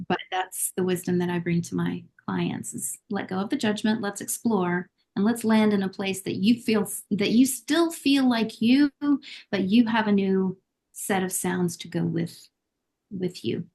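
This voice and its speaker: A woman speaking as a guest accent coach in a podcast interview, giving measured and encouraging advice. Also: mid-range voice, fairly even intonation, vocal fry, a little mellow. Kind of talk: conversational interview answers.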